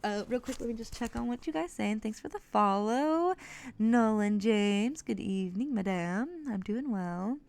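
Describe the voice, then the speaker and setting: A woman's voice: on the high side, moderate pace, gravelly, a little mellow. A young adult woman streaming, chatting candidly and rambling, swearing freely between book readings. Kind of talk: casual livestream chat.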